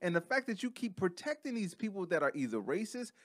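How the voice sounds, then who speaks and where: A man co-hosting a podcast, talking in an emphatic, animated way and calling his co-host bro and man. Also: sits high, fast talker, no room sound, studio quality. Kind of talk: casual podcast chat.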